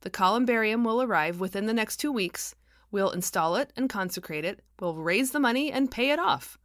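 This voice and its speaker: A woman voicing a calm, earnest male pastor who gently mirrors feelings back to people. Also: sits high, fairly quick, dry recording, studio quality, voice pushed up.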